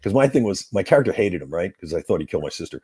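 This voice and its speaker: Low husky middle-aged man telling stories. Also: racing, no room sound. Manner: lively anecdotal storyteller, laughs between lines. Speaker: actor guest. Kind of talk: casual storytelling interview.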